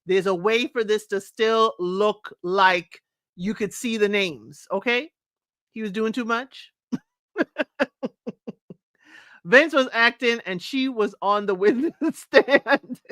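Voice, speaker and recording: A woman hosting a live reality-show recap, sassy and animated, laughing often and mimicking the cast. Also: mid-range voice, takes it slowly, long pauses, dry recording. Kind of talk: live recap chat to viewers.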